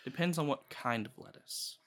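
Young male podcast guest, deadpan and crude, bright forceful tone. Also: medium pitch, normal speed. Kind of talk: casual chat.

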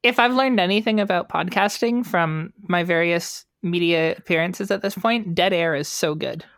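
A woman's voice: fairly low pitch, normal speed, no room sound, clean studio sound. A woman hosting a casual podcast, chatty, asking questions and explaining her views at length. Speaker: podcast host. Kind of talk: casual chat.

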